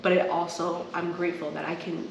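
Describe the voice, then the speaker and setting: A woman's voice: on the low side, little pitch movement, brisk, vocal fry. A woman co-hosting a podcast, telling personal stories in an earnest, open, emotional way. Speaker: podcast co-host. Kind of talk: casual chat. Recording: echoey room, faint noise.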